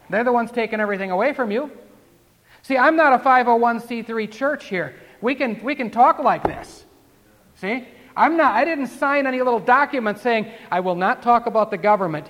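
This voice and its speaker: A man's voice: high-pitched, moderate pace, a bit bright, in a large hall. A man preaching a sermon, talking conversationally and then building to emphatic declarations. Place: church.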